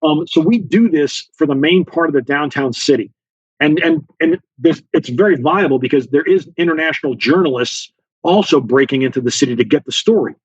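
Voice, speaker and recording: A man's voice: fairly high pitch, a little fast, husky, no room sound, highs cut off. A man being interviewed, telling a story with lots of fillers and acting out the dialogue. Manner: animated storyteller, acts out dialogue, many fillers. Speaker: guest author, former Special Forces officer.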